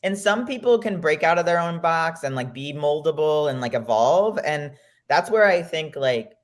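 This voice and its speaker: A man's voice: a little high, expressive, normal speed. A man co-hosting a podcast, chatting casually and animatedly, peppering his talk with "like" and mock-outraged asides. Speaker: podcast co-host. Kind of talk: casual chat.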